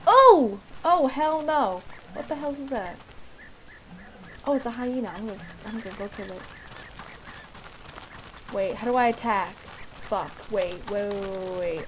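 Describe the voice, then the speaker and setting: A young woman playing a video game and commenting casually, excitable and swearing often at the game. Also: mid-range voice, a little fast, slight background noise, rough recording. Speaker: gamer.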